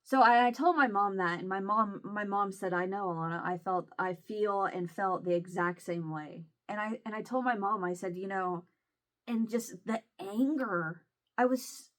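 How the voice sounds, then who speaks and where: A woman with a Southern Illinois accent chats to her camera, her words halting and restarting as emotion wells up. She sounds close to tears, her voice sitting at a middling pitch. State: near tears. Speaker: vlogger. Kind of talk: casual chat to camera.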